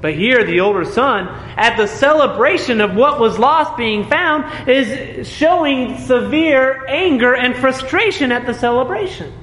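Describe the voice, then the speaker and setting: A man's voice: very high-pitched, lively intonation, a little slow, hardly any pauses, fairly bright tone. A man preaching a sermon in an earnest, emphatic way, often asking the congregation questions. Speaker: pastor. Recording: echoey hall with faint ambience.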